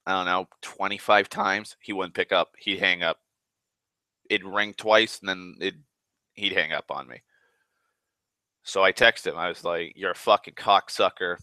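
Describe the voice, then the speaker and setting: A man's voice: sits low, sharp tone, no room sound. A man ranting in a profane, exasperated monologue about his morning. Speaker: vlogger. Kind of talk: angry rambling monologue.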